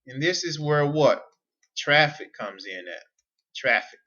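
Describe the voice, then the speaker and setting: Male business coach, slightly high voice, drives points home with rhetorical questions. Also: animated, a little slow, bright, forceful tone, highs cut off. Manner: repetitive, emphatic, asks rhetorical questions. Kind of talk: whiteboard teaching monologue.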